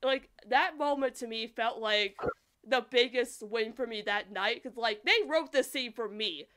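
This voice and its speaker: Woman podcast host, high voice, animated and rambling, casual fan chat. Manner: animated, rambling, quick to laugh.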